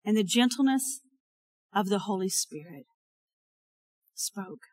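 A woman preaching a sermon and telling a personal story, earnest and swinging between emphatic and hushed delivery. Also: mid-range voice, expressive, slow, no room sound, low-quality recording.

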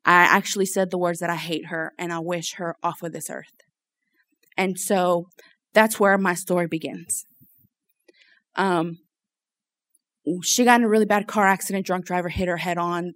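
A woman, sharing an earnest personal testimony with a church group, halting and full of fillers. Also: fairly low pitch. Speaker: church speaker giving testimony.

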